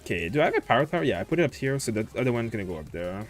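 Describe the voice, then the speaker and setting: A man's voice: medium pitch, very animated, very fast, soft background music. A man hosting a casual gaming livestream, thinking aloud as he plays and answering chat questions with plenty of fillers. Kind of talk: casual livestream commentary while playing.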